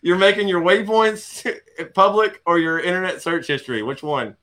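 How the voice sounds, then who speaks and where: Man, host, casual fishing chat, slangy and joking, bright forceful voice, slightly high. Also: normal speed.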